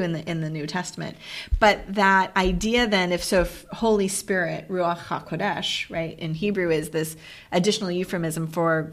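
A woman, a pastor co-hosting a podcast, asking curious questions and reading scripture in a relaxed conversational manner. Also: lowish voice. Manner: curious, asks follow-up questions, reads scripture aloud. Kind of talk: casual theological conversation.

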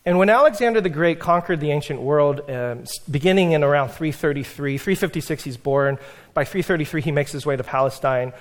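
A male pastor preaching a sermon in a conversational, lecturing way, telling history with animated asides. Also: a little high, a little fast.

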